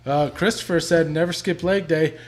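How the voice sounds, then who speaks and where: A man's voice: on the high side, fairly even intonation, normal speed, soft background music. A man in a casual chat, poking fun at himself and laughing as he talks. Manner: self-mocking, laughing while talking. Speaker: podcast co-host.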